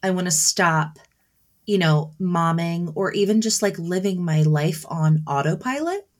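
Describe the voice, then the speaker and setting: A chatty woman from Southern New Jersey in her thirties, co-hosting a relaxed podcast chat about motherhood. Her voice sits low for a woman, and she often breaks into laughter while acting out what she says to her kids. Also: unhurried. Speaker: podcast co-host. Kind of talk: casual chat.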